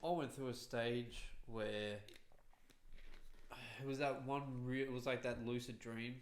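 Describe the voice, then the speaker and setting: Slow-talking guy, kinda hesitant, echoey room sound. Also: medium pitch, steady tone, noisy background. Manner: slow, hesitant, short replies. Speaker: podcast co-host. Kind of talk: casual chat.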